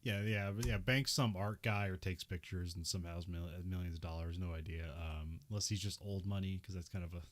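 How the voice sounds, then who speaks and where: A man's voice: low-pitched, steady tone, brisk, few pauses. Laughing man in a casual podcast chat. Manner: chatty, laughs often mid-sentence. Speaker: podcast co-host. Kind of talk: casual chat recapping a TV episode.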